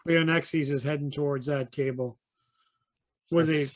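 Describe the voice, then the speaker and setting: A man's voice: a little high, steady tone, a little slow. A man playing a tabletop game who describes his moves in a playful way, often restarting mid-sentence. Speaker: player.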